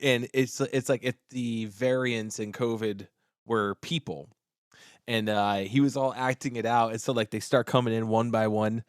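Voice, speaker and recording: Brief: male co-host, casual storyteller, mid-pitched voice, dry close sound. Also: moderate pace, smooth, dry recording. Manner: animated storyteller, acts out bits with laughter. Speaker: podcast co-host. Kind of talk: casual chat.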